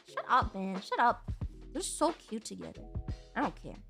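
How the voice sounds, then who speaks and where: A young woman streaming and chatting casually while crafting, animated and giggly, swearing casually. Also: medium pitch, slow, vocal fry, soft background music. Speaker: VTuber streamer.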